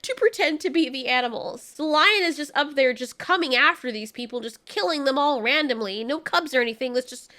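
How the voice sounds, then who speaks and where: High, bright-voiced sarcastic woman reviewer. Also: animated, a little fast, few pauses. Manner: sarcastic, exasperated, laughs through asides. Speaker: movie reviewer. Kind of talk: casual spoken film review.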